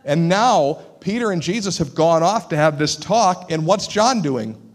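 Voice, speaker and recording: Male pastor, sermon, slightly high, lively and chatty. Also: a little slow. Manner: animated, conversational, acts out quoted voices.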